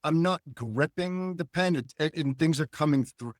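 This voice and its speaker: An older man and guest cartoonist, talking in a reflective, philosophical way and telling animated stories in a relaxed interview. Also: on the high side, moderate pace, no room sound, studio quality. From Hull, Massachusetts.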